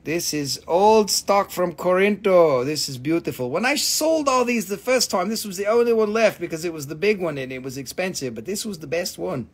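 A man's voice: high voice, animated, moderate pace, few pauses, breathy edge. A man hosting a live sale of rocks and crystals, chatting casually with profane, teasing jokes. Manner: joking, profane, teasing banter; trails off with repeated fillers when flustered. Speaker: host selling rocks and crystals on a live stream. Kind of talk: casual live sales chat.

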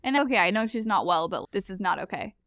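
A young woman casually telling a story, acting out the quoted lines in a lively, higher voice. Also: quick pace, dry recording, clean studio sound.

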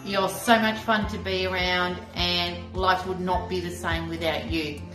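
A woman's voice: lowish voice, level tone, unhurried, fairly bright tone, reverberant, soft background music, poor audio. A woman, chatting and joking in a casual birthday video message. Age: 50s. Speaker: friend sending a birthday message.

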